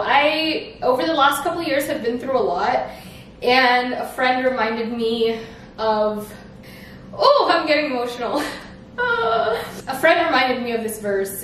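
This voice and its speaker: A young woman vlogging casually from home, bubbly and excitable, sometimes softly emotional. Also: a little high, reverberant, a little hiss or hum. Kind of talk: casual vlog chat. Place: at home, bedroom and kitchen.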